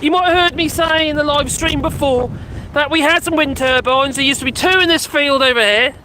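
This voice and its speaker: Very high, bright-voiced chatty man outdoors. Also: a little fast, a little hiss or hum, rough recording. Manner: chatty and rambling, with frequent laughs and exclamations. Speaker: vlogger live-streaming. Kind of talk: casual live-stream chat, reading comments. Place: outdoors on a windy hillside near buildings. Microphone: handheld mic with furry windshield.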